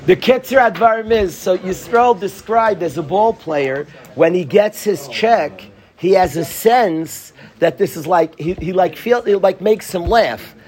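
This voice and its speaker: A man's voice: high voice, unhurried, few pauses, a little mellow. A man teaching a Torah class to students, pleading and passionate, joking with them at times.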